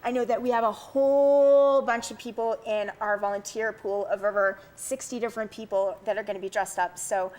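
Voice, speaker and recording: A woman's voice: medium pitch, fairly even intonation, fairly quick, few pauses, a little mellow. A woman guest producer promoting an event in an interview, upbeat and eager, with lots of "um" and "like". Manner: upbeat and eager, listing many details with frequent "um" and "like".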